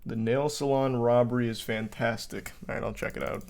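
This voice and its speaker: A man's voice: mid-range voice, fairly even intonation, brisk, darkish tone, a little hiss or hum. A man livestreaming, talking in a dry, offhand and profane way as he reacts to a clip and chats with viewers. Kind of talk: casual reaction commentary.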